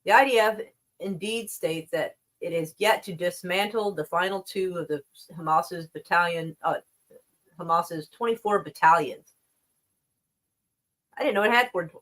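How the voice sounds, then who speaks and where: A woman's voice: lowish voice, a little slow, long pauses, fairly bright tone. A woman doing casual live-stream news commentary, reading articles aloud and reacting with profane sarcasm and frequent laughs while rolling cigarettes. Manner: rolls and smokes cigarettes while talking.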